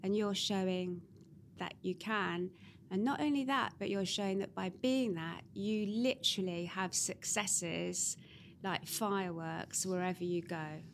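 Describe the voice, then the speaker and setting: A woman's voice: mid-range voice, unhurried, vocal fry, slight background noise. A woman hosting a podcast, wrapping up an interview with effusive praise for her guest. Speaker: podcast host. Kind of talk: interview wrap-up.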